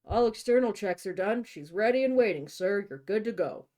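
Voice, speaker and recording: A woman voicing a grizzled old male helipad operator, with a forced gravelly tone and clipped, businesslike delivery. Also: high voice, lively intonation, normal speed, darkish tone, pitched above the performer's own voice. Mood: brisk.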